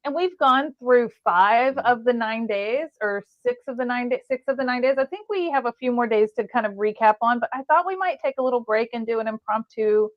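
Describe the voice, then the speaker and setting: A woman's voice: on the high side, lively intonation, brisk, few pauses, dry recording, highs cut off. A woman co-hosting a live stream, chatting in a bubbly, laughing way. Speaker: co-host. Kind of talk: casual livestream chat.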